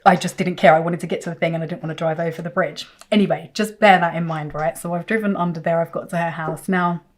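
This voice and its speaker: A woman vlogging, telling a personal story to camera with emphatic, animated delivery and sudden leaps in pitch. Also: quick pace.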